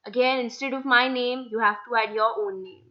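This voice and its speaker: A woman's voice: on the high side, fairly even intonation, brisk, highs cut off. A young woman teaching a beginner language lesson, patiently spelling words out letter by letter. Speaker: Spanish language tutor. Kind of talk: slide-based language lesson.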